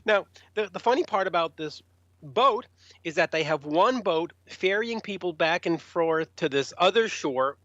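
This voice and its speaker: A man's voice: fairly high pitch, no room sound. A man, a rock journalist, casually telling stories and acting out the people in them. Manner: animated, acts out others in raised voices. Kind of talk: casual storytelling. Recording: dull lo-fi dry sound.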